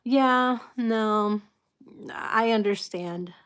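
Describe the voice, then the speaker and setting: A woman hosting a casual live chat with her viewers, soft-spoken and apologetic, greeting people and laughing often. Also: on the high side, extremely slow, smooth. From United States. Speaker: livestream host.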